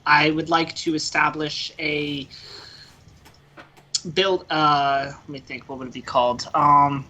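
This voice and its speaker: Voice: mid-range voice, level tone, sharp tone, poor audio. A player voicing an earnest American priest. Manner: earnest, halting, with many fillers. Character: earnest priest adventurer seeking support. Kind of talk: tabletop game role-play.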